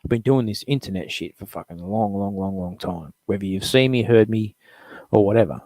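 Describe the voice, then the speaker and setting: A man's voice: on the low side, a little fast, mellow, no echo. A middle-aged man hosting a live show, ranting bluntly with lots of swearing, rambling between topics. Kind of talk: profane sports fan rant.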